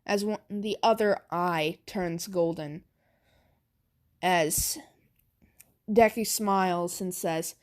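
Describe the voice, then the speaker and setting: Woman, unhurried, improvised fan story, halting, lots of fillers. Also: on the low side, fairly even intonation. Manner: hesitant, filler-heavy, stammering.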